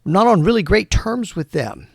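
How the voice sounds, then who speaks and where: A masked spider hero, earnest and direct, voiced by a man running a solo game. His questions come in a slightly high, gravelly voice. The recording is dry and close. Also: very animated, normal speed, no echo, heavily acted. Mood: pressing.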